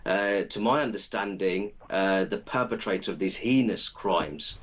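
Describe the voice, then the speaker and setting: A man with a low voice joins a live radio talk show as a political commentator. He speaks in a measured, earnest way, setting out his points one by one. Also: a bit bright. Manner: measured, earnest, builds arguments step by step.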